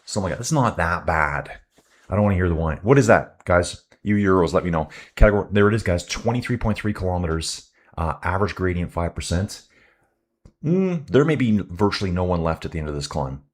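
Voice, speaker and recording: A man's voice: low voice, animated, a little fast. A man hosting a live cycling stream, giving chatty commentary and ranting about the race to his viewers.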